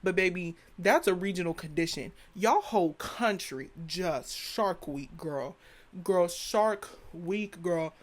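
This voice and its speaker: A young woman with a lowish voice hosts her own podcast, ranting her opinions slowly in a sassy, dramatic, blunt way. She swears freely and keeps calling the listener "girl" in this casual rant.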